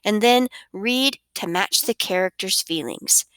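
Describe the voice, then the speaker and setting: A woman teaching a recorded reading lesson for children, with an expressive, sing-song teacher's delivery on a close mic. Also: mid-range voice, measured pace, clear, resonant tone, no room sound.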